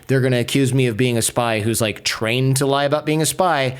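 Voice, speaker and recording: A man being interviewed, telling a story in a lively, casual way and peppering his speech with "like". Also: mid-range voice, fast, smooth. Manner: animated, acts out quoted voices, many filler "like"s. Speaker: podcaster guest.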